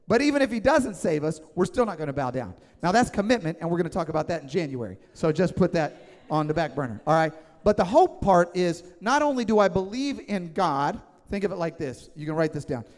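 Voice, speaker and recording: A man in his thirties preaching a sermon as pastor, emphatic and conversational, often checking in with the congregation. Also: high voice. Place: church sanctuary. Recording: long church hall reverb.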